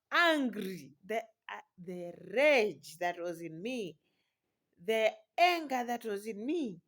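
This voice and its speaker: A woman, a new mother, telling a personal story in an exclamatory, dramatic way with frequent laughter. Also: on the high side.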